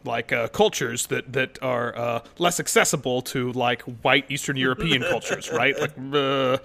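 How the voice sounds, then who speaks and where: A man's voice: mid-range voice, fairly even intonation, moderate pace, vocal fry, sharp tone. A man on a casual podcast panel, talking in an opinionated, digressive and eager way.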